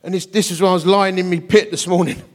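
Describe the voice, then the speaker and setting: A middle-aged man preaching a storytelling sermon, animated and self-deprecating, acting out the voices in his story. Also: sits high, quick pace. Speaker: guest preacher.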